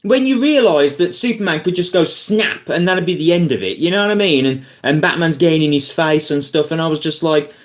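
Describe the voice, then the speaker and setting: A man ranting casually about films as a YouTuber, rambling and animated, full of fillers and asides. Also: on the high side, fairly quick, hardly any pauses. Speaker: YouTuber film reviewer. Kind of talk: casual opinion rant.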